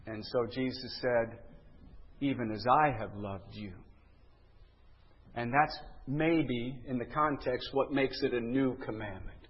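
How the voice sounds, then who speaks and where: Husky-voiced man preaching a sermon. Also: mid-range voice, highs cut off. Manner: earnest preaching, drawn-out emphasis on key words. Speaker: pastor.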